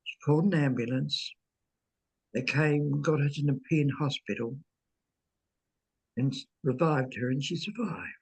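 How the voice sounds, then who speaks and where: A woman slowly recounting a personal ghost story in casual conversation, hesitant, with fillers and repeated words. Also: sits low, darkish tone, husky. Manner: unhurried, dwelling on details. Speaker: medium telling her own ghost stories.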